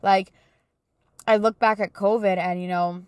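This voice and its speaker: A woman's voice: medium pitch, fairly even intonation, measured pace, a little mellow, smooth, dry recording. A young woman hosting a casual faith-based podcast, chatting with lots of "like" and "you know". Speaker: podcast host.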